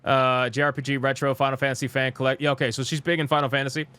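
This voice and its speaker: A man's voice: medium pitch, little pitch movement, very fast, sharp tone, smooth. A young man streaming live, reacting to gaming news and reading comments aloud in a blunt, exasperated, profane rant.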